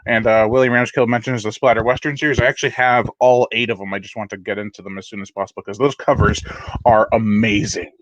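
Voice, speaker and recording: A man's voice: fairly low pitch, little pitch movement, fast talker, no room sound, dull audio. Rambling man hosting a live unboxing. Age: adult. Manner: rambling and self-deprecating, with chuckles and restarts. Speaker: horror channel host. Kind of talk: casual live unboxing chat.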